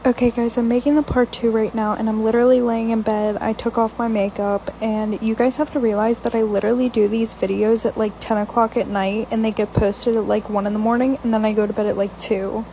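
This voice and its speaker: Higher voice woman lying in bed chatting, mellow tone, blunt, faint noise. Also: flat delivery, a little fast, few pauses, rough recording. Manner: casual, blunt, swears. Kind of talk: casual storytime in bed. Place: bedroom.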